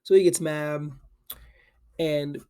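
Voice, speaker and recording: A man's voice: a little high, fairly even intonation, takes it slowly, mellow, clear, resonant tone. A young man hosting an anime channel, recorded at his home desk on camera, retelling a story in a loose, sleepy, rambling way full of "like" and restarts. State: sleepy and yawning.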